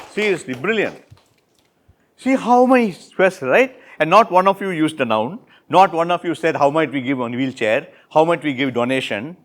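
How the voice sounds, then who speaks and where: Running a hands-on classroom workshop, a man with an Indian English accent echoes and rewords what students say, quickly praising them. He speaks with a slightly high voice.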